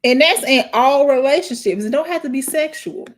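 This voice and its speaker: Animated woman chatting to viewers. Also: high-pitched. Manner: animated, preachy, talks straight to viewers; emotional, tearful, halting. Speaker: host. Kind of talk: casual livestream chat.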